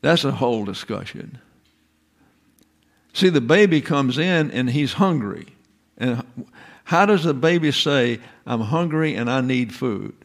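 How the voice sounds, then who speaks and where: A man's voice: mid-range voice, lively intonation, unhurried, vocal fry, pauses often. A man giving an informal lecture in a folksy, digressive way, full of rhetorical questions.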